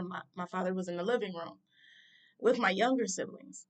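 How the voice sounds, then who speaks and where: A woman's voice: mid-range voice, normal speed. A woman telling a personal story time, talking bluntly and emphatically in a conversational way.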